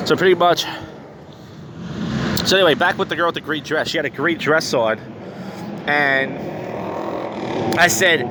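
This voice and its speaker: With a voice on the high side, a normal speed, and frequent pauses, this podcast host tells stories in a casual monologue outdoors on a street. He sounds tipsy and slurs slightly, and his manner is blunt, profane, and bitter, while faint street and traffic noise plays in the background.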